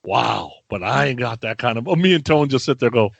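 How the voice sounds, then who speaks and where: A man's voice: medium pitch, lively intonation, brisk, gravelly, a bit bright, breathy edge, dry recording, highs cut off. A man with a mid-range voice tells a story on a podcast. He is laid-back and wry. The sound is dry and close. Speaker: podcast co-host. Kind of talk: casual storytelling chat.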